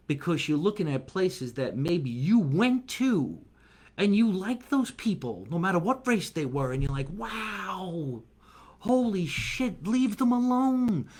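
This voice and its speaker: A man of middle pitch hosts his own live comedy stream, rambling from one thought to the next. He chats casually and stops to answer viewers who write in. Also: a little mellow. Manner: chatty and rambling, reads viewer comments aloud. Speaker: comedian and show host.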